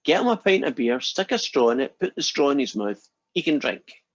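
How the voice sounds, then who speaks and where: A man's voice: medium pitch, very animated, fairly quick, dull audio. A man doing a blunt pub-going dad. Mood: insistent. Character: plain-spoken father at a pub.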